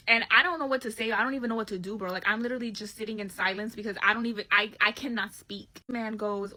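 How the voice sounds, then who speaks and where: A young woman telling a dating story in a casual vlog, animated, slangy and profane, acting out what people said. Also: mid-range voice, quick pace, low-quality recording.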